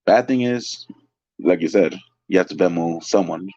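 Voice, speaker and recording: A low-voiced man from California tells restaurant stories as an interview guest, rambling and excitable with plenty of fillers. The sound is dry and close, with a slightly dull, muffled quality. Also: normal speed, dry recording. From California, San Francisco Bay Area. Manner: chatty, loose, lots of fillers and restarts; excitable, laughs through stories. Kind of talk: casual storytelling.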